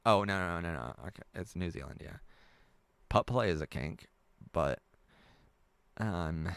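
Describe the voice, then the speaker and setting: A young man hosts a relaxed live stream, reading out viewer comments and rambling between them with frequent laughs. His voice sits low. The sound is dry and close, with no room around it. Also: measured pace, gravelly, long pauses, clear, resonant tone, dry recording. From United States. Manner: rambling, chatty, laughs often.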